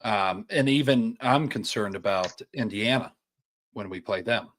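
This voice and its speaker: A man's voice: on the low side, unhurried, a bit bright, a little hiss or hum. A young man co-hosting a sports podcast, ranting heatedly and swearing often in casual chat. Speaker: podcast co-host.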